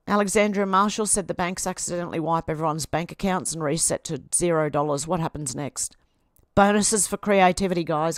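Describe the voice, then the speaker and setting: A woman's voice: on the low side, no room sound, clean studio sound. Sarcastic Australian woman livestreamer. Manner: sarcastic, talks back at posts. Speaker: livestream host. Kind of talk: casual commentary on social media posts.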